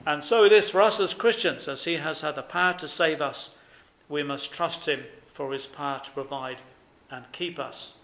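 A man's voice: a little high, normal speed, a bit bright. A man preaching a sermon, putting many rhetorical questions to his listeners. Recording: echoey room.

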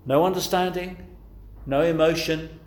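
A preacher with a slightly higher-than-average male voice delivers an earnest, pleading sermon, pressing listeners repeatedly with direct questions. He speaks a little slowly with fairly even intonation, and his words ring out in an echoey room.

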